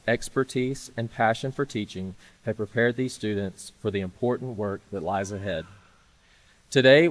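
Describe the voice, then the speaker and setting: A man giving a measured, formal address at a ceremony. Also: mid-range voice, no echo.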